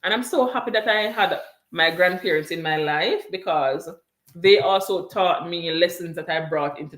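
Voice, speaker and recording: A woman's voice: on the low side, fairly bright tone, reverberant. A mother talking in a casual chat about raising her kids, earnest and emphatic, repeating her key points. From came to Canada from abroad. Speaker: parent sharing experiences on a livestream.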